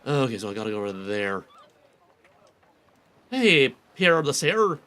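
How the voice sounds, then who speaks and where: A man's voice: mid-range voice, big pitch swings, unhurried, pushed and bright, clean tone. A man casually commenting while playing a role-playing game, reading character dialogue aloud and mocking his own attempts at voices. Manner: chatty, self-mocking, reads NPC lines in put-on voices. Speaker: gaming YouTuber voicing a quest playthrough.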